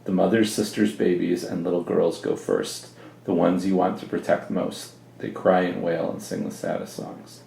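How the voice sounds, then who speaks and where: A man reading as a cold calm villain, gravelly. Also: sits low, roomy sound, a little hiss or hum, low-quality recording. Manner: plain measured reading, no put-on accent. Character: cold older male villain, calm and cruel.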